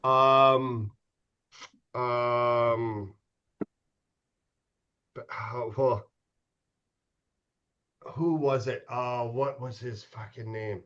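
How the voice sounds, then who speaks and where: A man's voice: mid-range voice, steady tone, drawn-out words, long pauses, fairly bright tone, muffled recording. Profane middle-aged man telling stories. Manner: profane, laughing storyteller with frequent restarts. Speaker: podcast guest, former hockey goalie. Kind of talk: casual storytelling chat.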